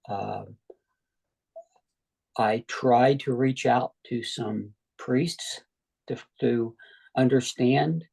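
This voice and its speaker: A middle-aged man, a guest on an interview show, telling his near-death story in a relaxed way, with frequent "you know" asides. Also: medium pitch, gravelly, husky, rough recording.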